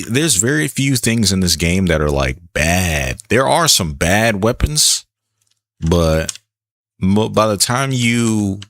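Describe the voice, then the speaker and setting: Laid-back deep-voiced man streaming a game. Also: a bit bright, dry recording, clean studio sound. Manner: laid-back, chatty, reads chat aloud. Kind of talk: casual gameplay commentary.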